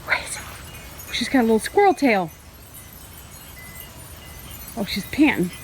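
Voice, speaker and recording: High, sing-song woman. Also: big pitch swings, measured pace, slight background noise. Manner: doting, laughing, sing-song praise. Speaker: homestead vlogger. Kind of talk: casual talk to pets while filming.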